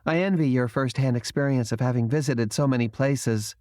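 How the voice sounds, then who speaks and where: A man voicing a polite, composed young woman in an audiobook, his voice raised and gentle. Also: mid-range voice, brisk, no room sound, clean studio sound, natural voice. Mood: courteous. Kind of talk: audiobook character reading.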